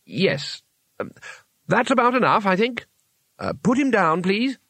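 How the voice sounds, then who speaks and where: A man voicing an eager, naive male tourist in a high, polite, hesitant voice. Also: sing-song, slow, vocal fry, a bit bright, breathy edge, no room sound, exaggerated voice.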